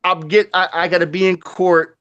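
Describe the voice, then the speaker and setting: A man with a slightly high voice tells a rowdy story, swearing freely and acting out the sound effects and other people's voices. He keeps it loose and conversational, with lots of restarts. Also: normal speed, smooth, muffled recording. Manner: animated, swears a lot, acts out quotes and sound effects. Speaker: guest storyteller. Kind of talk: casual profane storytelling.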